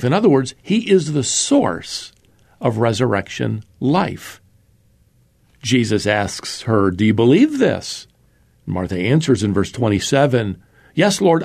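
A man teaching a sermon, earnestly reading scripture aloud with slow, emphatic pauses and calling his listeners beloved. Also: medium pitch, vocal fry, darkish tone. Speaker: Bible teacher. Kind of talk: expository sermon.

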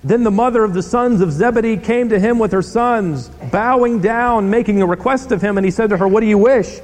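A male pastor preaching a sermon in a church, telling stories with animated delivery and rhetorical questions. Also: high voice, a little fast. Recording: long hall reverb.

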